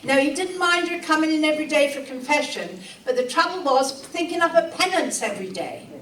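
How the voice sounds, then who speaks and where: High-voiced Cornish woman telling stories. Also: animated, a little fast, fairly bright tone, slight background noise. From Cornwall. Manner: chatty, laughing between anecdotes. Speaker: storyteller. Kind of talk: live storytelling. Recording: echoey room, voice from far off, archive footage.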